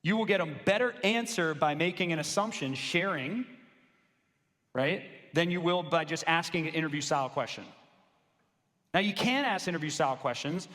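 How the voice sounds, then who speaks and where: A man coaching law firm owners in a live sales presentation, energetic and casual, with slangy asides. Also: a little high. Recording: long reverb of a large hall.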